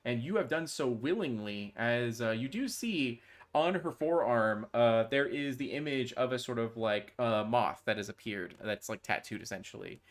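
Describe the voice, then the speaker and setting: A man's voice: medium pitch, moderate pace. A man running a tabletop role-playing game as game master, narrating in a loose, filler-heavy way.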